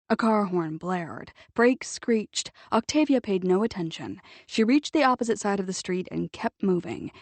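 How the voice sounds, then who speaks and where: Gravelly-voiced woman narrating a novel. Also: mid-range voice, dry recording. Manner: measured, even storytelling. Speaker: audiobook narrator. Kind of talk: scripted narration.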